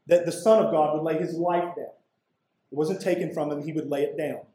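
A man with a high voice preaches in a conversational way, breaking into casual asides and leaning on emphatic pauses. His voice rings through a roomy, echoing church sanctuary. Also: steady tone, warm tone. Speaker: pastor. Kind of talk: expository sermon. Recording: echoey room.

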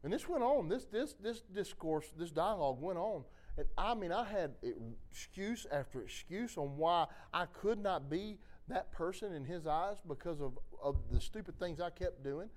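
A pastor preaching a sermon in a fairly high, very lively voice. His delivery moves from fervent exhortation to hushed, personal confession. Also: moderate pace, hardly any pauses. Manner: impassioned preaching that drops to quiet, confessional storytelling.

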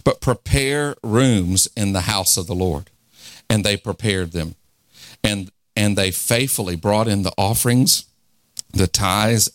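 Fervent low-voiced male revival preacher. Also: no echo. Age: 40s. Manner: fervent, call-and-response, laughs often. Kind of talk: revival sermon.

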